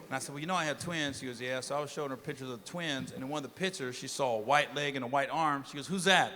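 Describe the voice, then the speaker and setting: A middle-aged man performing a profane, swaggering stand-up comedy set, acting out shouted quotes, on stage with a handheld mic. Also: medium pitch, steady tone, rapid-fire, big-room sound. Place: comedy stage before a live audience. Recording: live room with crowd laughter and noise.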